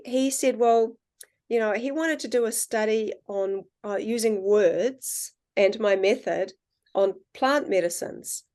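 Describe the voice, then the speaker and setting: A woman guest in casual conversation, telling animated stories and acting out the dialogue. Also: a little high. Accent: non-American accent, self-described. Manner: animated storyteller, acts out quoted dialogue. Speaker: guest, water researcher.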